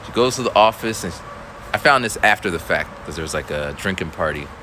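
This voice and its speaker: A male teacher rambles through a story in a loose, casual monologue, restarting sentences and slipping into voices. His tone is bright and edgy with lively, wide pitch swings. Faint traffic murmurs in the background. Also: brisk. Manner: rambling, animated, with many restarts and voiced quotes. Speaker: school teacher.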